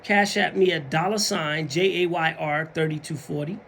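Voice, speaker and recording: A man's voice: fairly high pitch, moderate pace, gravelly, a bit bright, a little hiss or hum. A man with a Southern US accent talking casually in a motivational vlog, acting out other people's mumbled excuses. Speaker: vlogger.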